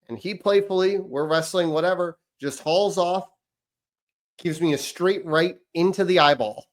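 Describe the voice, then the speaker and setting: A fairly high-pitched man on a parenting podcast, recounting his week with lively, animated energy. His sentences often trail off into ums and restarts. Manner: animated storytelling, trailing off into fillers. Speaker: podcast co-host. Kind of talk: casual chat.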